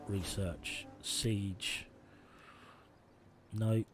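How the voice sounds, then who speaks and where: A man's voice: lowish voice, animated, normal speed. Male streamer, jokey, rambling game commentary, music under. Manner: chatty, jokey, talks to himself. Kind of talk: casual gameplay commentary.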